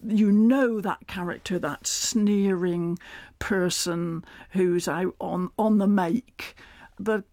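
Older west country guy, gravelly voice, dry close sound, chuckles a lot telling stories. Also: sits high, steady tone, slow, darkish tone, no room sound. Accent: West Country English. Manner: chatty, laughs often while telling stories. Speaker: guest. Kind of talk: radio interview.

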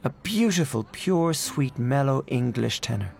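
A man's voice: medium pitch, very animated, moderate pace, darkish tone, slight background noise, voice pushed up, close to an everyday voice. A man voicing a proud, enthusiastic elderly aunt in a raised, fluttery voice in a storybook reading. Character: elderly aunt, proud and fond of old singers.

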